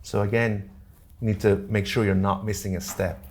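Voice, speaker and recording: Fast-talking Irish man, low voice. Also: level tone. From Ireland. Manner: fast-talking, jokey, keeps checking in with the audience. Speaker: grants workshop presenter. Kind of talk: live workshop presentation. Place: community centre meeting room.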